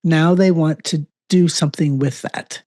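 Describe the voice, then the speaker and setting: A podcast host asking thoughtful, halting questions. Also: medium pitch, steady tone, mellow, dry recording, clean studio sound. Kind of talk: interview questions.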